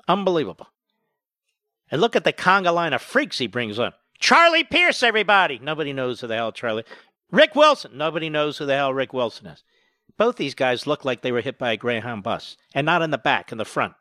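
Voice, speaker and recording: A man hosting a talk radio show with sarcastic, mocking commentary that swings between loud jabs and quiet asides. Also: medium pitch, lively intonation, moderate pace, no room sound.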